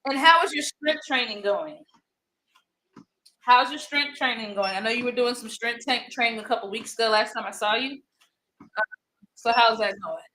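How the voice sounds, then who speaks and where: A woman from Louisiana hosting a casual morning live stream, chatty and warm with viewers, greeting them by name and laughing often. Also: fairly high pitch, moderate pace, pauses often, slight background noise.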